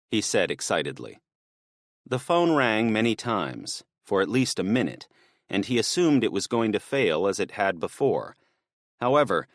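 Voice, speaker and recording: A man narrating an audiobook thriller in a measured, even storytelling manner on a close mic. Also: on the low side, no room sound. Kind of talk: scripted narration.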